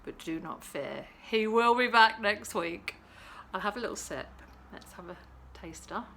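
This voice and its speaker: A woman's voice: mid-range voice, expressive, unhurried, creaky, sharp tone, slight background noise. A woman hosting a casual cocktail-making vlog at home, chatty and playful. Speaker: host.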